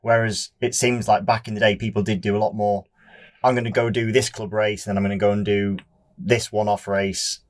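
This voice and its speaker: A man co-hosting a motorbike podcast, asking relaxed, probing follow-up questions. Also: fairly low pitch, a little fast. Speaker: podcast co-host. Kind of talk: casual interview questions.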